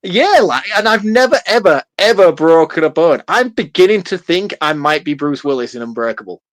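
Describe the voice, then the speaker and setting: Man, 30s, podcast co-host, casual chat, animated, laughing, dry close sound. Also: a little high, moderate pace, no room sound. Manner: animated, laughing, swears freely. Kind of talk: casual film-review chat.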